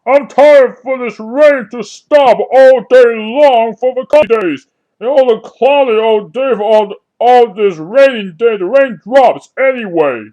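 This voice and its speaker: A man's voice: extremely high pitch, measured pace, dark tone, dull audio. A man voicing an impatient male watermelon in a homemade puppet story, whining and repeating himself. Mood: whiny. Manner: whiny, repeats phrases over and over.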